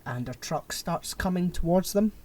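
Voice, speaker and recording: A man co-hosting a podcast, chatting casually and retelling a film plot in an animated, rambling way. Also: high voice, moderate pace, a little hiss or hum. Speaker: podcast co-host. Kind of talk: casual chat.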